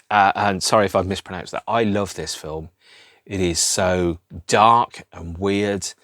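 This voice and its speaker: A man's voice: low voice, dry recording. A middle-aged man, rambling through an unscripted solo podcast in a wry, self-deprecating way. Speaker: podcast host.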